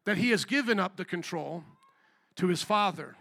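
A male pastor preaching with an animated, conversational delivery. He slips into acted-out voices and calls out to the congregation. His voice is high and bright. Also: normal speed, creaky. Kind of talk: sermon.

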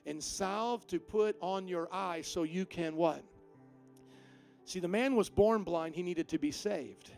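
High-voiced man preaching a sermon. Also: a little slow, creaky, faint music behind. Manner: emphatic preaching, swings from quiet to loud. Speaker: pastor.

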